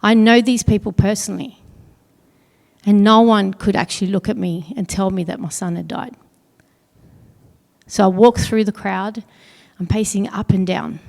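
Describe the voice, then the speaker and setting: A middle-aged woman telling a personal story on stage at an awards event, earnest and pausing heavily. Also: medium pitch, creaky, a little mellow. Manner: earnest, heavy pauses, quotes others in dialogue. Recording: long hall reverb.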